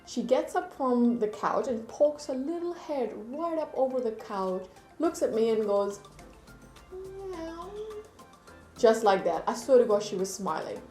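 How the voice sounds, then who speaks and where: A woman beauty vlogger chatting to camera, telling stories in a lively way at her desk. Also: on the high side, moderate pace, echoey room, faint music behind. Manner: chatty, animated storytelling. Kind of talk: casual chat to camera. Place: indoor room at a desk.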